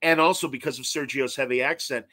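A man's voice: medium pitch, quick pace, dry recording. A man in his fifties, a guest telling stories in casual chat and acting out quotes. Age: 50s. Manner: animated storyteller acting out quotes.

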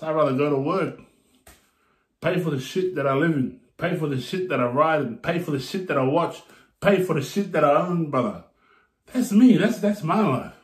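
Laid-back, swearing man in an echoey room. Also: fairly high pitch. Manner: profane, laid-back, rambling. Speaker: music video reactor. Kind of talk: casual reaction chat and storytelling.

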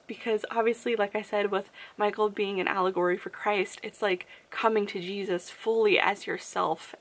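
A woman's voice: medium pitch, fairly bright tone. A young woman vlogging about a book she loves, emotional and gushing, laughing while near tears. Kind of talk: casual chat.

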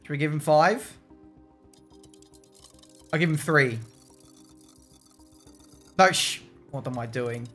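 A man's voice: on the high side, slow pace, long pauses, fairly bright tone, soft background music. A man streaming a racing management game, joking, swearing and talking to his chat. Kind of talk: casual gameplay commentary.

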